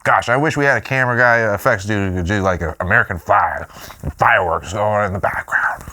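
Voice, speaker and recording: Excitable man tasting food. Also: on the low side, brisk. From Louisiana, US. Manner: playful, excitable, lots of hums of delight. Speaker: food show host.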